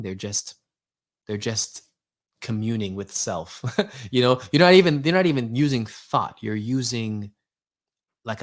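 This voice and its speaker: Man giving an animated motivational talk. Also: fairly low pitch, slightly rough. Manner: animated, preachy, with laughs and rhetorical questions. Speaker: host.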